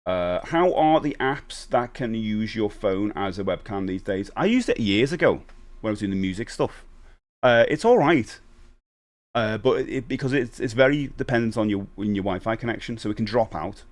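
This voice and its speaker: A man's voice: on the low side, animated, normal speed. A man chatting casually on a live stream, rambling and reading viewer comments aloud.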